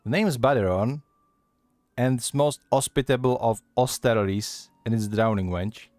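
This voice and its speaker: A worldly male tavern keeper with a gruff edge, as a man reads him aloud. The lines come haltingly and trip over the dialect, at an ordinary middle pitch. Faint game music plays underneath. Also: darkish tone, no echo, natural voice. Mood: stumbling.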